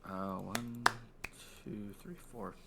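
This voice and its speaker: A man narrating as game master of a tabletop game, relaxed with many fillers. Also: lowish voice, slow pace, vocal fry, very noisy.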